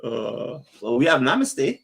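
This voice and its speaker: A man's voice: mid-range voice, sing-song, unhurried, gravelly, slightly rough. Chatty male travel vlogger. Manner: chatty, laughs often, reads viewer comments. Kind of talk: casual live stream chat.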